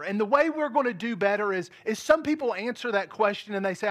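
Guy preaching in a big church, high voice, jokey and lively, keeps asking the crowd stuff. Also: brisk, hardly any pauses. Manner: lively, joking, talks to the congregation. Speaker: pastor. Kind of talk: sermon. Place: large church hall with balcony.

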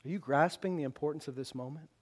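A man preaching as a pastor in an earnest way, sometimes dropping to a hushed near-whisper. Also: fairly high pitch, fast. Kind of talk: sermon.

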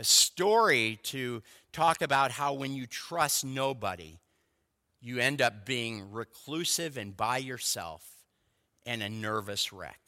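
A male pastor delivers his sermon in a bright, animated voice that moves a lot in pitch. He speaks slowly, with deliberate emphasis, and his words ring out with a long hall reverb around them. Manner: animated preaching with slow emphatic stresses. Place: church sanctuary.

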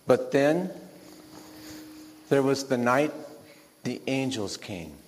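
Middle-aged man slowly telling a story to his boy, soft and gentle, big reverby hall. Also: mid-range voice, animated, slight background noise. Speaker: shepherd father telling a story. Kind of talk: scripted dramatic monologue.

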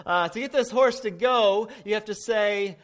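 A preacher playing an old circuit-riding preacher. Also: male voice, high-pitched, normal speed, fairly bright tone. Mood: explaining.

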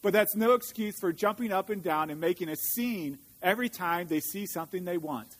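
A man's voice: sits high, fairly quick, big-room sound. A man voicing a strict, scolding mother bear while reading a storybook aloud. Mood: stern. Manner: stern, scolding.

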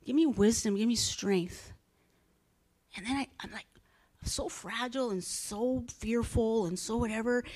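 An older woman preaches with raw feeling, repeating her phrases and sinking into hushed whispers before rising again. Her voice sits a little high. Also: unhurried. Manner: earnest, repetitive, drops to whispers. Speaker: church speaker. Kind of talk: emotional sermon.

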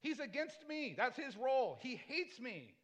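A man's voice: very high-pitched, big pitch swings, moderate pace, a bit bright. A man pastor delivering a sermon, emphatic and repetitive, throwing rhetorical questions at the congregation between casual, conversational asides.

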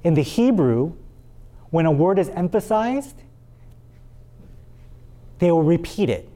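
A man preaching a sermon and reading scripture aloud, with dramatic pauses and words repeated for emphasis. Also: fairly high pitch, very animated, warm tone. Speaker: pastor.

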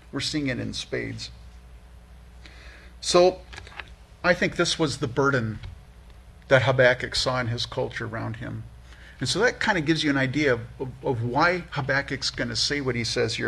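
A male preacher speaks with a medium-pitched voice that is gravelly, a bit bright, and breathy at the edges. His sermon is earnest and conversational, full of restarts and repetition, rising in volume to stress key points.

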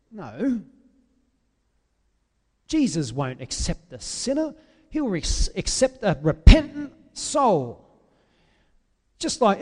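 High-voiced preacher in a reverberant hall. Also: male voice. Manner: swings from loud, drawn-out pleading to quiet, intimate confession. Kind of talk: impassioned sermon.

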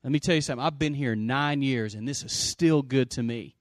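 A man preaching a sermon, calling for amens and swinging from loud exclamations to quiet asides. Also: medium pitch, a little fast, dry recording, studio quality. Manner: calls for audience response. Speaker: pastor.

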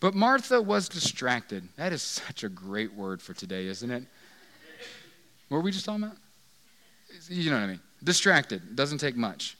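A male pastor with a fairly high voice delivers a casual sermon. He jokes, checks in with listeners, and keeps things conversational. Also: pushed and bright. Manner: conversational, joking, asks audience questions.

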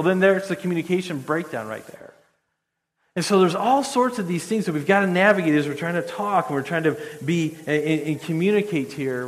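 Male pastor, standing, chatty sermon delivery with restarts; long hall reverb. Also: on the high side. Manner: conversational, repeats words when restarting. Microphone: standing while speaking.

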